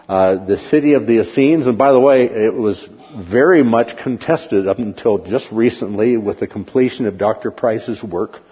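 A man giving a slide lecture on history, rambling with many pauses and fillers and asking and answering his own questions. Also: lowish voice, slightly rough, in a large hall, lo-fi sound.

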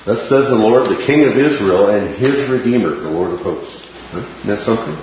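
Male Bible teacher with a low voice, explaining verses and checking in with "right?", in a boomy room with a dull, lo-fi sound. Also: expressive, normal speed. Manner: explanatory, quotes scripture, checks in with "right?" and "okay?". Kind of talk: Bible study lesson. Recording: very echoey, dull room sound with faint hiss.

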